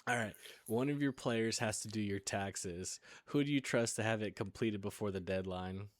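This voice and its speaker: A man's voice: fairly low pitch, normal speed, no room sound. Laughing male host, dry close sound. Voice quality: laughs often while asking. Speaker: podcast host asking questions. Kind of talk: casual chat.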